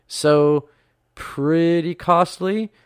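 A man's voice: a little high, steady tone, very slow, clear, resonant tone, dry recording, clean studio sound. A man in his thirties from the United States, hosting a podcast in a chatty, rambling way with lots of fillers. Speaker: podcast host. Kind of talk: casual podcast talk.

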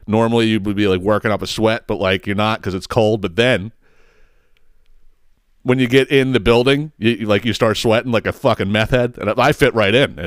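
Male podcast host telling a long story, swears constantly, restarts his sentences, smooth and clear voice, dry close sound. Casual and rambling. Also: on the low side, no echo. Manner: profane, rambling, self-interrupting, laughs at own story.

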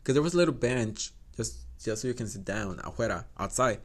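Animated young man. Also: lowish voice, brisk. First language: Spanish. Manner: animated, swears a lot, laughs often. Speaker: podcast host. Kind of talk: casual storytelling.

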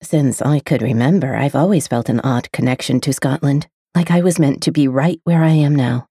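Low-voiced woman narrating a romance. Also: normal speed, dark tone, husky, dry recording, clean studio sound. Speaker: audiobook narrator. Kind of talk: first-person romance narration.

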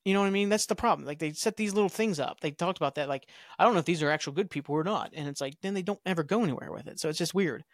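Young male podcast host, slightly high voice, chatty and offhand, dry close sound. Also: rapid-fire, few pauses, dry recording. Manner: rambling, offhand asides and shrugs. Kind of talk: casual episode recap.

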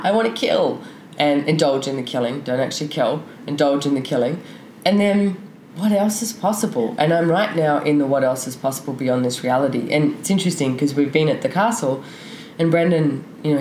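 A woman with a low, deep voice talks candidly as a podcast guest. She rambles through her thoughts with plenty of fillers. The room is echoey, with a faint hiss behind her. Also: darkish tone. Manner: open, frank, rambling with many fillers. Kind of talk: candid conversational interview.

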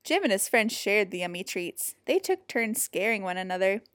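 Woman reading a kids picture book, fun expressive storytelling, dry close mic. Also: mid-range voice, moderate pace, dry recording. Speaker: storybook reader.

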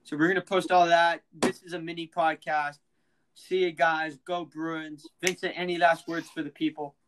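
This teen podcast host is recounting a prank on his laid-back mini show, his voice on the high side and his delivery eager and slangy. He keeps impersonating the characters as he goes, at a moderate pace, with background noise audible throughout.

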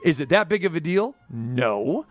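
Man, high lively voice, dry sound, insistent sports radio host. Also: unhurried, no room sound, faint music behind. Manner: insistent, argumentative, emphatic. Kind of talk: sports radio commentary and debate.

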